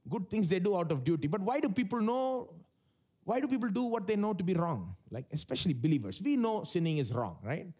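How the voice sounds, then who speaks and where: A man's voice: high voice, very animated, fairly quick, mellow. A man preaching a sermon to a live church congregation, emphatic, putting rhetorical questions to the listeners and acting out quoted voices. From India. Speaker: pastor. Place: large church service.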